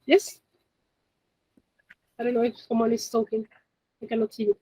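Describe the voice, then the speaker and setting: Teaching beginners online for a Monterrey Japanese school, this woman speaks in a high, mellow voice that's slightly rough, with a level tone and moderate pace. The video-call audio is close and dry without echo. Encouraging throughout, she often checks in by asking "okay?" and "yes?"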